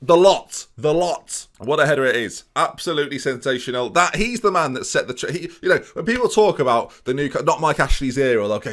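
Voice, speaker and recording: A man's voice: medium pitch, lively intonation, brisk, few pauses, fairly bright tone. A young man giving playful, jokey let's play commentary, constantly talking to his viewers as a gaming YouTuber.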